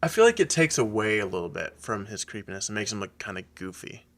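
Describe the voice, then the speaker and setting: A man co-hosting a podcast in casual chat, excitable, laughing often and acting out quotes. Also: fairly low pitch, quick pace. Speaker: podcast co-host.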